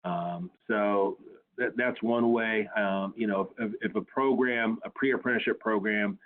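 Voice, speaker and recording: Male panelist, slow and hesitant, lowish voice over a tinny phone line. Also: steady tone. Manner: halting, many fillers and restarts. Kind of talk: webinar answer.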